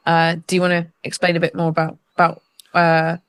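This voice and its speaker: A woman's voice: lowish voice, monotone, fairly quick, smooth, no room sound. A woman co-hosting a podcast, chatting in a teasing, upbeat way. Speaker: podcast co-host. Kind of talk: casual chat.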